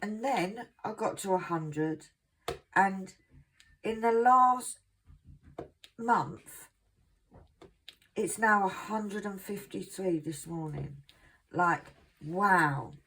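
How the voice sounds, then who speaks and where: A middle-aged woman from England chatting casually to her viewers at home, self-mocking and quick to laugh. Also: medium pitch, a bit bright. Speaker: craft vlogger.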